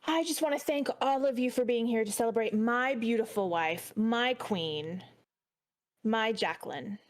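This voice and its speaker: A woman's voice: fairly high pitch, unhurried, natural voice. A woman voicing a tall man giving an adoring microphone toast to his wife. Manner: speechmaking on a microphone.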